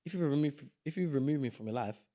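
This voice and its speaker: A young man, a podcast guest in casual, animated chat. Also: fairly high pitch. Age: young adult. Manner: animated, playful, quick bursts of emphasis.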